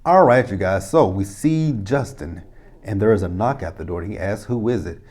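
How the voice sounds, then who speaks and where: A man's voice: on the low side, expressive, moderate pace, darkish tone. A man in his thirties casually recapping a TV episode, rambling and swearing, with exasperated asides. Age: 30s. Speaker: TV episode reviewer.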